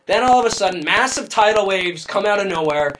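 Jokey rambling guy, slightly high voice. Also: lively intonation, brisk, a bit bright, slight background noise, low-quality recording. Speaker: podcast co-host. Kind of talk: casual chat.

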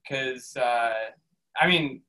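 A man's voice: medium pitch, drawn-out words, poor audio. A young man, a band member, chatting casually in an interview and telling stories with laughs. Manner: laughing, animated storytelling.

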